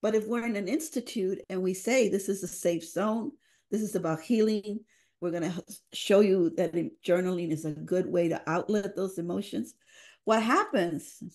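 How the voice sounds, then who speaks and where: Mellow-voiced woman telling heartfelt stories. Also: medium pitch, normal speed. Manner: earnest, emotional, acts out parents' voices with Spanish phrases. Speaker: family engagement program leader, guest. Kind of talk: heartfelt storytelling in a podcast interview.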